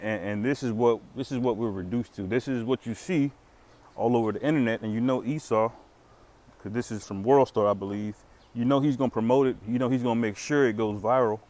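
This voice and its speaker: A man's voice: mid-range voice, a little mellow. A man hosting a casual religious commentary video, rambling with many fillers and restarts and chuckling now and then. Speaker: commentary channel host.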